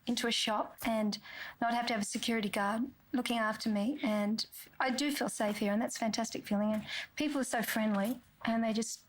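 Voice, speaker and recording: A woman's voice: a little high, steady tone, fairly quick, a little hiss or hum, rough recording. A woman in her thirties with an Australian accent, answering interview questions in a chatty way and laughing easily. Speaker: interviewee, singer and actress.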